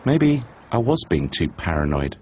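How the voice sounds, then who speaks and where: A man's voice: sits low, very animated, a little slow, darkish tone, a little hiss or hum. A British man in his forties reading scripted voice-over narration with dry, wry understatement.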